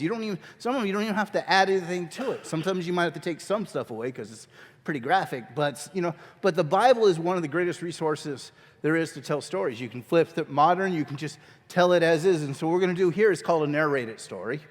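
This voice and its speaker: A man teaching a skit class in a church hall, talking casually, joking, and often restarting sentences. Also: a little high. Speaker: drama teacher. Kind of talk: casual workshop instruction. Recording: long reverb of a large hall.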